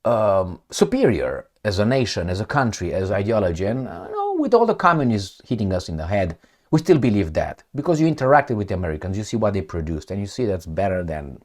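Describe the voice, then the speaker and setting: A man's voice: on the low side, sing-song, a little fast, a little mellow. A middle-aged man from Romania with a Romanian accent, giving sarcastic, digressive commentary from home. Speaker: political commentator. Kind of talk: casual commentary vlog. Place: at home with his cat.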